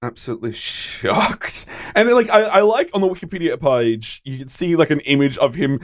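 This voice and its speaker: Lively, playful man podcast co-host. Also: fairly high pitch, dry recording, studio quality. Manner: playful, quick quips, laughs a lot. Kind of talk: casual comedic chat.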